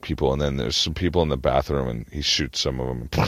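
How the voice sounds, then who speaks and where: A man's voice: a bass voice, fast, a bit bright, no room sound. A man telling a rambling comedic story in a meandering way, with lots of "like" fillers and casual profanity.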